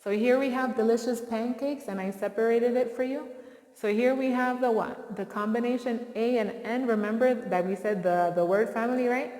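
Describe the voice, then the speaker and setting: A woman's voice: a little high, moderate pace, darkish tone. Encouraging woman teacher in a reverberant room. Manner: encouraging, call-and-response prompts. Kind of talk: phonics lesson for young children. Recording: roomy with long reverb.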